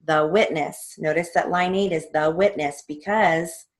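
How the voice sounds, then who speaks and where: In this recorded theory lesson, a female court reporting instructor goes line by line through a transcript and names each punctuation mark aloud. Her voice is deep and steady, and she never rushes.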